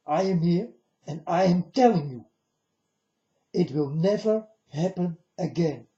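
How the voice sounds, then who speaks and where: A man's voice: sits high, animated, measured pace, mellow. A man speaking to his viewers in a solemn monologue, delivering warnings and often calling them "folks". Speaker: video blogger. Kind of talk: monologue to camera. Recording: dull lo-fi recording.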